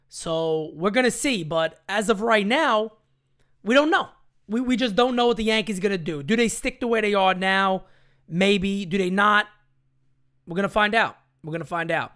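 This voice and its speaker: A man's voice: sits high, fairly bright tone, clean tone. A man hosting a casual sports live chat, talking in a blunt, rambling way and reading out viewer comments. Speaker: live-stream sports show host.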